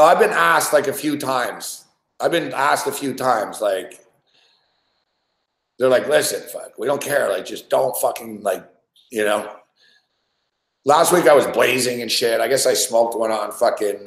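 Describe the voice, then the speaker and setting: A man's voice: medium pitch, measured pace, pauses often. A man hosting a podcast, telling a rambling story in casual chat with lots of swearing. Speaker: podcast host. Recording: roomy echo.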